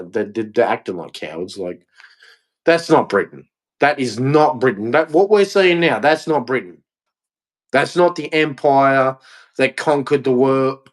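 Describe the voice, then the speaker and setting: An Australian man delivering a heated, blunt opinion rant, repeating himself and swearing. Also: mid-range voice. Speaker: vlogger.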